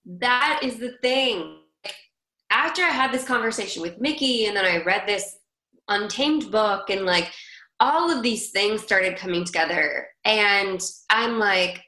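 A woman's voice: medium pitch, lively intonation, a little slow, sharp tone, reverberant, poor audio. A woman guest chatting animatedly in an interview, telling stories with lots of "like". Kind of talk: casual conversational storytelling.

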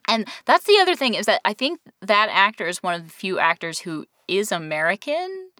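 A woman co-hosting a casual podcast chat about a TV show, talkative and quick to laugh and agree. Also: medium pitch, sing-song, sharp tone, dry recording, studio quality. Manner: chatty, laughs often, quick agreeing fillers. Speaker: podcast co-host.

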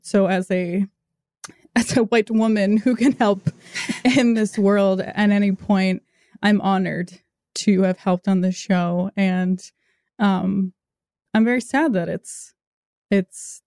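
Serdeczna, wzruszona kobieta, bardzo suchy dźwięk. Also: female voice, mid-range voice, darkish tone, smooth, no echo, studio quality. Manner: earnest and emotional, teasing jokes. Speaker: podcast producer. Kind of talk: casual podcast chat.

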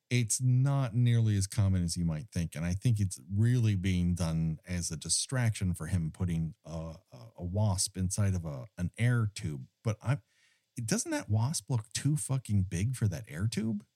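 Animated, wry low-voiced man. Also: no echo, clean studio sound. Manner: wry, profane, animated storytelling with quick asides. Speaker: podcast host recapping a film; former studio tour guide. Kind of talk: casual chat.

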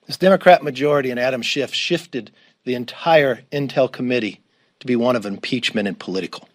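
A man delivering a measured, prepared political statement in a played clip. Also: medium pitch, no echo.

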